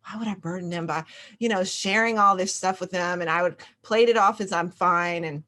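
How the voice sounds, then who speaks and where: A woman's voice: on the low side, normal speed, a bit bright. A young adult woman hosting an interview, sharing her own story in a reflective, open way. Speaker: host. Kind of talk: conversational interview.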